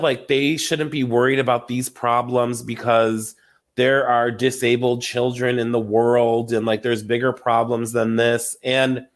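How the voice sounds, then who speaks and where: Animated gossiping man, podcast host. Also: medium pitch. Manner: animated, profane, laughing storyteller. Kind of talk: casual gossip recap.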